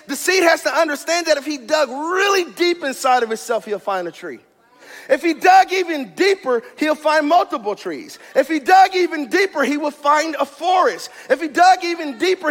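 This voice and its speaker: A man preaching a sermon as pastor of his church, in a fiery, rhythmic style that builds to shouted climaxes. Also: very high-pitched, lively intonation, normal speed, long reverb tail. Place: church sanctuary.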